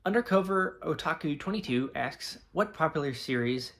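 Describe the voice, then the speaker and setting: A man's voice: a little high, lively intonation, normal speed, fairly bright tone. A man hosting his own channel, chatting casually through an introduction and Q&A, rambling with frequent fillers and hesitations. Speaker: channel host.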